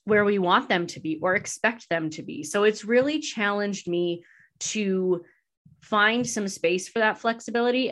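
In a relaxed, conversational interview, this woman who hosts a podcast responds to questions with candid reflection and ready laughter. She speaks at medium pitch, her tone fairly bright.

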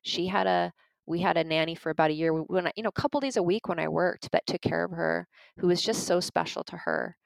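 A woman with a fairly low, gravelly voice talks fast and steadily about parenting and emotions in an informal lesson. Earnest and conversational, she tells stories and addresses her listeners as "you guys." The recording is rough, with no echo.

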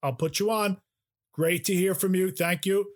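A man's voice: sits high, steady tone, normal speed. A man hosting a comedy podcast, introducing callers in a playful, mock-formal announcer manner. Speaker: podcast host.

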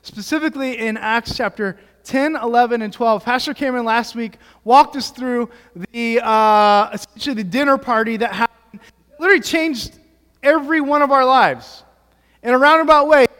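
A man's voice: very high-pitched, normal speed, a bit bright, smooth. A young male pastor giving a casual, storytelling sermon full of "like" and restarts. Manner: casual storytelling with many fillers. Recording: long hall reverb.

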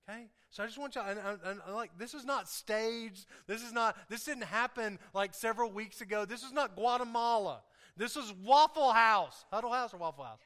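A man preaching a sermon to his congregation, animated and asking the room questions. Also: sits high. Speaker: pastor. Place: church sanctuary. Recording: long hall reverb.

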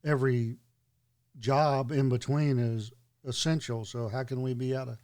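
A man's voice: medium pitch, steady tone, a little slow, a little mellow. A man in casual podcast chat, telling stories with a wry, sarcastic edge.

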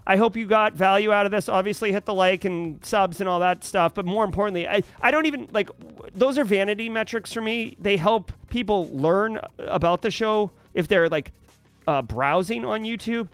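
A man's voice: sits high, normal speed, a bit bright, soft background music. A man with a Boston accent hosting a daily cybersecurity livestream, chatting casually with many fillers and greeting viewers from chat. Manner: conversational, many fillers, reads chat aloud.

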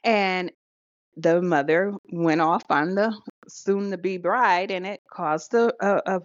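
Casual and chatty, a female podcast co-host laughs often and hesitates with filler words. Her pitch is fairly low and she talks slowly. With no room sound, the recording still comes across dull and lo-fi.

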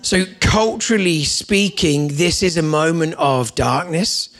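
Man, guest pastor, sermon, slightly high voice, gravelly, storytelling, playful. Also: unhurried. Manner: storytelling, playful asides, lively voices for his children. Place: church.

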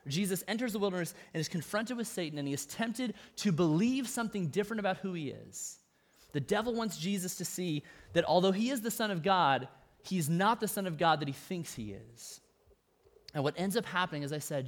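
High-voiced man preaching a conversational sermon. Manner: conversational, emphatic preaching with asides and humor. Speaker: pastor.

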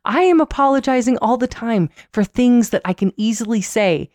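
A woman in her late thirties, a podcast host, talking in a candid, wry and animated way. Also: fairly high pitch, normal speed, dry recording. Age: 30s. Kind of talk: casual chat.

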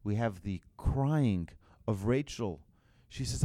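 A man's voice: fairly low pitch, lively intonation, takes it slowly, warm tone, no room sound, clean studio sound. A man, a rabbi, telling a story in a sermon, acting out the voices and often restarting his phrases.

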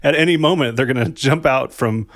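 Thoughtful dad in a dry room. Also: male voice, medium pitch, fairly quick, fairly bright tone, no echo. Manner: thoughtful, uses "like" a lot, laughs lightly. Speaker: podcast co-host. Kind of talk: casual conversation about parenting.

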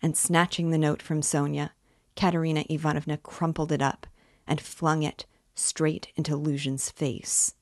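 A woman narrating a novel aloud, calm and deliberate. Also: deep voice, no room sound, studio quality. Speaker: reader. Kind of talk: audiobook narration.

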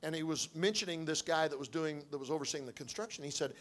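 A middle-aged man delivers a sermon by telling a personal story, speaking conversationally and acting out the dialogue with frequent restarts. His voice sits on the high side and is a bit bright, and he moves quickly with hardly any pauses.

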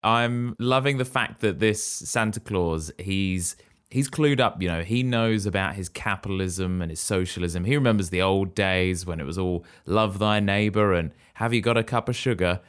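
A man's voice: low-pitched, normal speed, a bit bright, smooth. A man co-hosting a podcast, chatting casually with dry joking asides. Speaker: podcast co-host. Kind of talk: casual chat.

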